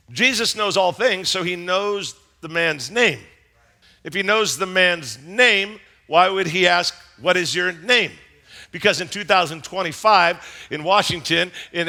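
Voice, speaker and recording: A male pastor preaching to a congregation with a high, very bright, ringing voice. He tells the story with animated energy, acting out the lines and bursting into shouts. He keeps pulling the room in, asking them to call out answers. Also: creaky. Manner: animated, dramatizing scripture with acted voices and shouts; calls on the congregation to answer along. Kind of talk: sermon. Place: church sanctuary before a congregation.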